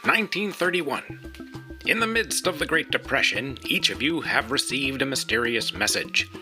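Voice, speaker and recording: A man reading a scripted story introduction in a dramatic, deliberate way. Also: medium pitch, expressive, over music. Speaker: narrator. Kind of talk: scripted narration.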